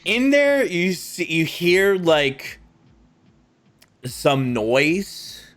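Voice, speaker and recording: Male GM, unhurried, loose filler-heavy scene narration, medium pitch. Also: very animated, a bit bright. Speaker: game master. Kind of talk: narrating a tabletop game.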